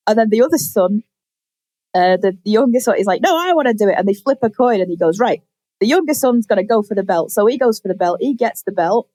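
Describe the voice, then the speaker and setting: A young woman on a podcast, casually telling a story with lively acted-out quotes and plenty of swearing. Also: on the high side, quick pace, no room sound. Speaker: podcast co-host. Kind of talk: casual chat.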